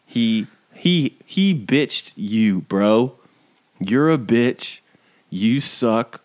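A man's voice: mid-range voice, expressive, drawn-out words. A man co-hosting a casual chat show, mocking someone in a profane, laughing tirade. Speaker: podcast co-host.

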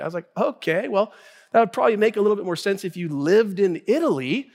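A man pastor delivers an energetic, conversational sermon from a church stage, often restarting his phrases. His voice sits high for a man. The sound carries a long reverb from the hall. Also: fast talker. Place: church sanctuary.

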